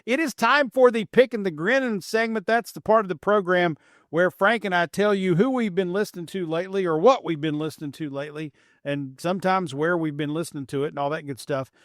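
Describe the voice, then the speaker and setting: A middle-aged man from Appalachian Kentucky with a light Kentucky twang, hosting a podcast in a relaxed, rambling, self-deprecating way. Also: high-pitched, brisk, dry recording, clean studio sound. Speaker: podcast host. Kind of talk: casual podcast chat.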